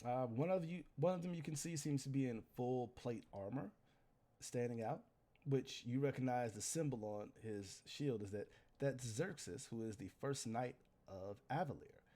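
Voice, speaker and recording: A man's voice: medium pitch, normal speed, warm tone. Man narrating a tabletop game as game master. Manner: loose, conversational narration with fillers.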